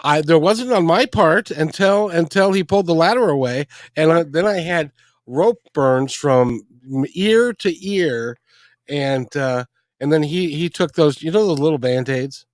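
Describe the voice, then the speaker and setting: A man hosting a podcast, speaking in a halting, reflective way about a personal memory. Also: fairly high pitch, dry recording. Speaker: podcast host. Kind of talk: casual personal conversation.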